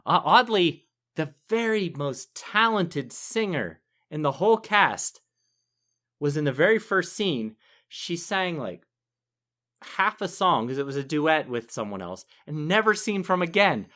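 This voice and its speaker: A man's voice: fairly high pitch, very animated, a little slow, pushed and bright. A man in his forties co-hosting a podcast, chatting casually, rambling and laughing easily. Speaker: podcast co-host. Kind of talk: casual chat.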